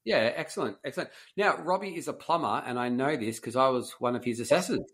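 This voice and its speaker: A man's voice: mid-range voice, animated, fast, a bit bright. An Australian man hosting a podcast, interviewing a guest over a video call in a loose, rambling way with many restarts. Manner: rambling, restarts questions often. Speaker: podcast host. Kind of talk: casual interview chat.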